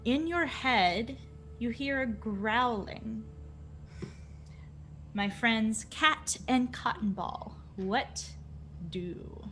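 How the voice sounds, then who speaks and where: A woman's voice: on the high side, drawn-out words, long pauses, fairly bright tone, a little hiss or hum. A woman running a tabletop game as game master, describing scenes in a storytelling manner.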